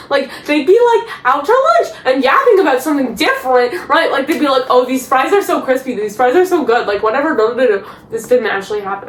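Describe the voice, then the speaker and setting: A woman recapping a TV episode in a casual, chatty vlog, animated and exasperated, slipping into mocking put-on voices. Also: high-pitched. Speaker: TV recap vlogger. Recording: echoey room with faint noise.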